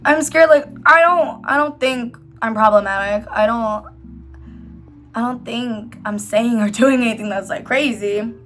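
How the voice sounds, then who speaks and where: A woman's voice: fairly high pitch, unhurried, a bit bright. A young woman vlogging casually to camera, rambling and full of fillers while doing her makeup, faint music behind her. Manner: rambling, filler-heavy, self-reassuring. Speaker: YouTuber. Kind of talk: casual confessional chat to camera.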